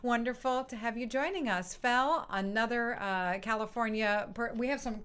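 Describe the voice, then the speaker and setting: Greeting each participant in turn with frequent laughter, a woman welcomes people to her online music session in a casual live-stream chat. Her fairly high voice is clean and a bit bright, moving at a moderate pace, captured by a computer mic on a video stream.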